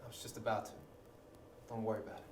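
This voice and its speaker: A man's voice: on the low side, monotone, racing, roomy sound, slight background noise, natural voice. An actor in his twenties playing a proud young man at an audition in a short film. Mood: angry. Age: 20s. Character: young male actor, proud, quick to anger. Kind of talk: film dialogue.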